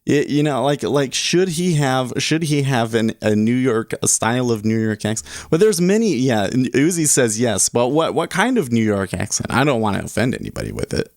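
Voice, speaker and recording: A man's voice: medium pitch, very animated, normal speed, few pauses, dry recording. Dry-voiced man chatting on a trading livestream. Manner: rambling, chuckling, reads chat aloud. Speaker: day trading livestream host. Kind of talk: casual livestream chat.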